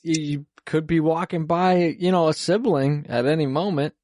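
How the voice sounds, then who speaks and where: A man's voice: fairly high pitch, moderate pace, a little mellow, dry recording, studio quality. A young man, a podcast host, chatting casually in a rambling, profane way with lots of fillers. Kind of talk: casual chat.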